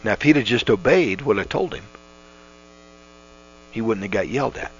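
A man's voice: lowish voice, lively intonation, moderate pace. A middle-aged man giving conversational, earnest Bible teaching on the radio, folksy and full of restarts. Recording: dull lo-fi radio audio with mains hum.

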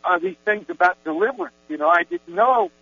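Give me a man with a slightly high voice telling his testimony, dry and close-miked. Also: lively intonation, fairly quick, breathy edge, no room sound. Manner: meandering storytelling with many restarts and fillers. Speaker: Christian giving a personal testimony. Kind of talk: rambling spoken testimony. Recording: tinny phone-like recording with mains hum.

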